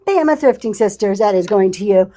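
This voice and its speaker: A woman's voice: mid-range voice, expressive, a little fast, warm tone, soft background music. A woman running a live online auction stream, chatting casually and thanking buyers by name as she shows vintage items. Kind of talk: live selling stream chat.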